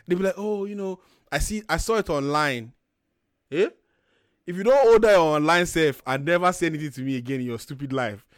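A man's voice: on the high side, dry recording, studio quality. A young man hosting a talk show, ranting bluntly and profanely in casual chat. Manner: blunt, profane, animated storytelling. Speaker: podcast host. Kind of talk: heated casual rant.

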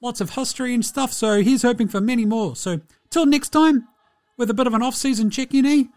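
A man doing an impression of a laid-back male New Zealand basketball player, with a put-on New Zealand accent and a slow, easygoing drawl. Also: extremely high pitch, a little mellow, voice pushed up. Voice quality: laid-back drawl, ends phrases with "brew" and "eh". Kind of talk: comedy impression sketch.

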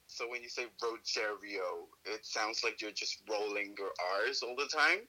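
A man's voice: fairly low pitch, normal speed, bright, forceful tone, poor audio. A man co-hosting a casual podcast, teasing and giggly. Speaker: podcast co-host. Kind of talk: casual chat.

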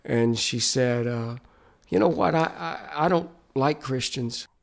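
A man's voice: medium pitch, a little slow, gravelly. A man, a Christian musician, telling stories in a podcast interview with an earnest, emphatic, preacher-like cadence.

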